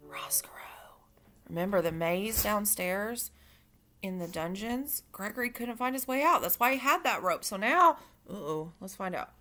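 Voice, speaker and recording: A woman reading a children's book aloud, expressive and pausing for asides to her listeners. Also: mid-range voice. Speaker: reader. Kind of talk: storybook read-aloud for children.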